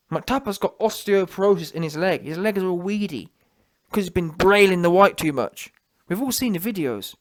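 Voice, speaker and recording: A man rants straight into the camera in a taunting, mocking tone. He talks in street slang and keeps circling back with "yeah?" to hammer each point home. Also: sits high. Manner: taunting, repetitive, slangy, with frequent "yeah?" tags. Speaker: commentary channel host. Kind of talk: mocking reaction rant.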